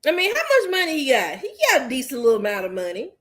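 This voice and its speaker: A woman's voice: sits high, huge pitch swings, very fast, a bit bright. A woman hosting a podcast in casual group chat, blunt and joking, often laughing. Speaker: podcast host.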